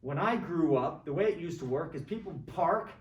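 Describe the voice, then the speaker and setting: A man's voice: on the high side, expressive, moderate pace. A middle-aged man giving an informal, opinionated college government lecture, rambling and often checking in with his students. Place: classroom. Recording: echoey classroom, mic far from speaker.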